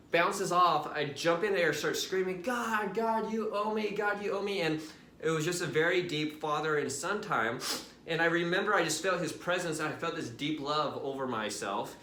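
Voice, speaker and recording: A young man casually telling a personal faith story to his viewers, animated and chatty, often checking in with "right?". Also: fairly high pitch, roomy sound, a little hiss or hum. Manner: casual and animated, addresses viewers directly with "right?" and "you guys". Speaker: Christian vlogger.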